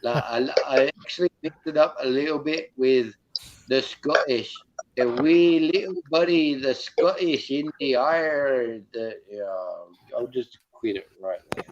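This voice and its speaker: A man's voice: medium pitch, measured pace. A man with an Australian accent hosting a casual group chat, rambling, apologetic and enthusiastic. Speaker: host of a live chat hangout. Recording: slightly dull audio with faint noise.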